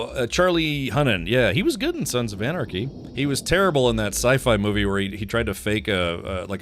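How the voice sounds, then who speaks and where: His voice is fairly low in pitch but fairly bright in tone, with slight background noise, as he streams a video game live. He chats casually with his audience, wandering from topic to topic, laughing a lot, and often starting sentences over.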